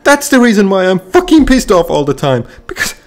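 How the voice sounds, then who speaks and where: A gamer with a high, sing-song voice rants fairly quickly while playing a card game, swearing constantly, frustrated and repeating himself in his commentary.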